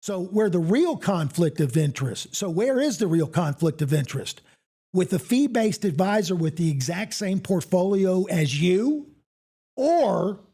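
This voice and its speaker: A man's voice: high voice, warm tone. A man in his sixties hosting a finance podcast, rambling with frequent restarts and asides. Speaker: podcast host. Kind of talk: casual finance podcast talk.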